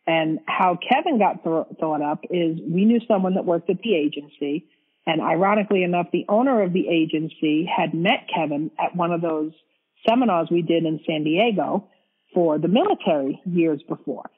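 A woman interviewed as a widow, recounting a personal story in a halting way and often repeating her words. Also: on the low side, slightly rough, phone-quality sound.

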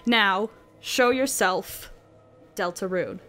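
An eerie, mysterious presence speaks slowly and softly, stretching each phrase into a hushed, ominous crawl, as a woman puts on a spooky reading voice. Faint music plays underneath. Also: mid-range voice, pitched below the performer's own voice. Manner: slow, hushed, drawn-out reading. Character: eerie mysterious online entity, calm and ominous.

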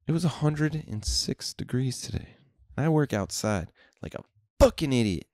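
A man's voice: mid-range voice, lively intonation, normal speed, a little mellow, no echo, studio quality. A young man, hosting a podcast and telling profane, laid-back stories in casual chat. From Houston, Texas. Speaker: podcast host.

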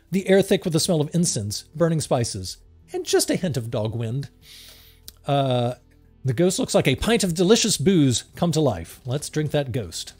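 A man hosting a let's-play, reading a text adventure aloud with playful emphasis. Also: fairly high pitch. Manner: lively, reads with playful emphasis, laughs along.

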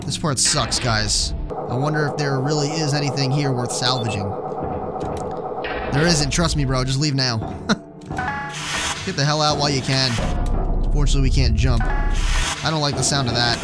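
A man's voice: mid-range voice, moderate pace, long pauses, loud music behind the voice. A young man commenting on a horror game as he plays, joking and swearing when startled. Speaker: let's play gamer.

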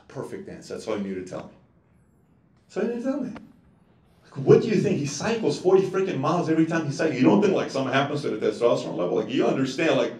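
A man's voice: mid-range voice, a little fast. A man in his thirties, hosting a casual, joking talk to a small group about self-control. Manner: animated, joking, puts on voices. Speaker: entrepreneur host. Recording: echoey room, mic far off.

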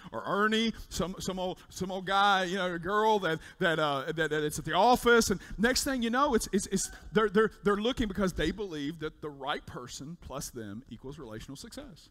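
A man preaching a sermon in church, telling a story in an animated way and repeating words as he builds up. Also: high voice, moderate pace. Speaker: pastor. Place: church sanctuary.

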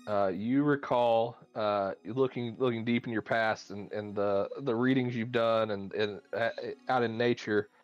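A man's voice: on the low side, fairly even intonation, a little slow, few pauses, lo-fi sound, faint music behind. A man narrating as game master in a tabletop game, thinking aloud with many fillers.

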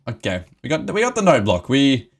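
Casting: male game streamer, live chat energy, swears freely, lively voice that swings up and down, gets emotional easily. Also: medium pitch, slight background noise. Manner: excitable, swearing, emotional, laughing often.

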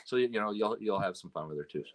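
A man's voice: on the low side, expressive, fast, over a noisy crowd. A man, a guest telling rambling road stories full of "you know" and "right?". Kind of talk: casual chat.

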